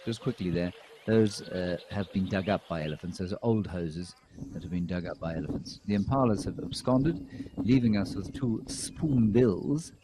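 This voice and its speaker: A man hosting a live wildlife cam show, reading out viewer comments and commenting on animals with relaxed, dry humor. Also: deep voice, moderate pace, background noise. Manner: dry, deadpan jokes.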